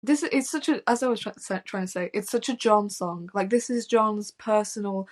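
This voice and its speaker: A woman's voice: medium pitch, brisk. A young woman co-hosting a music review podcast, chatting casually, giggly and blunt with frequent swearing. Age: young adult. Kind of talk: casual chat.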